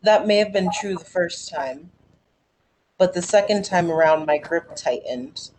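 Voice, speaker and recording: A woman reading her own poem aloud at an open mic in a slow, measured way. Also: lowish voice, a little mellow, a little hiss or hum, poor audio.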